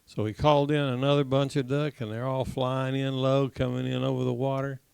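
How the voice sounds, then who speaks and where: A man teaching a congregation class, telling a folksy joke with laughs and loud acted-out gunshots, then leading a prayer. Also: medium pitch, level tone, fairly quick, gravelly, smooth, no room sound. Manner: jokey storyteller who laughs at his own tale, acts out shots loudly.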